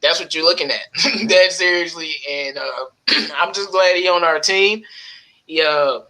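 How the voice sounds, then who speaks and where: Bright, excitable man talking basketball. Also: a little high, measured pace, low-quality recording. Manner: animated, excitable, laughs often. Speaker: podcast co-host. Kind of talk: casual sports talk.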